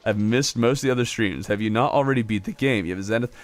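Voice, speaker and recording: A man streaming a video game, chatting casually with his chat and laughing often in a jokey, animated way. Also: lowish voice, fast talker, no room sound. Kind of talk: casual live-stream chat, reading chat aloud.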